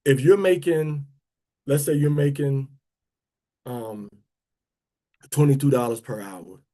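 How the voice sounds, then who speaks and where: Slow and mellow in the mid range, the man on the prayer and teaching stream talks informally to his online audience. His delivery rambles with many restarts, and he draws out words for emphasis.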